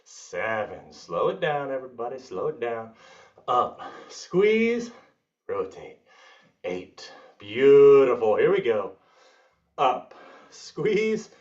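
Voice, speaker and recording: A man's voice: very animated, takes it slowly, long pauses, darkish tone, recorded from a distance, muffled recording. Upbeat man coaching a workout class. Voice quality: bursts of high whoops. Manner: upbeat coaching, counting reps, joking with the class. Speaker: fitness instructor.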